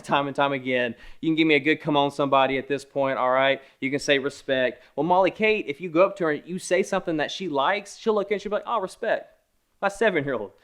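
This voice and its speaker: A man in his thirties preaching a conversational sermon, with joking asides, who swings between hushed and emphatic. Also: fairly high pitch, clean tone. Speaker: pastor. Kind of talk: online sermon.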